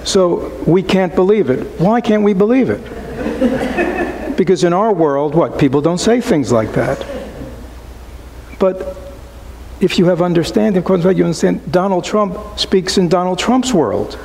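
Gravelly, mellow-voiced Buddhist teacher, man. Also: high voice, measured pace, a little hiss or hum, low-quality recording. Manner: keeps asking rhetorical questions, tags with "right?"; relaxed, conversational teaching. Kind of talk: dharma talk to a small group.

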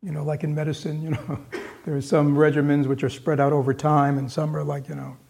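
A man's voice: on the high side, completely flat delivery, a little fast, gravelly, darkish tone. A man giving a dharma talk in a loose, conversational way, with frequent fillers, who reads story passages aloud with rising force. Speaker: dharma teacher.

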